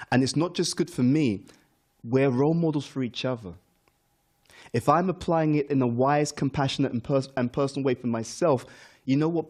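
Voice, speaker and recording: A middle-aged man teaching a morning class in an earnest, steady way. He repeats his key words for emphasis and turns questions back to the listeners. His voice sits at a middle pitch for a man. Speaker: spiritual teacher.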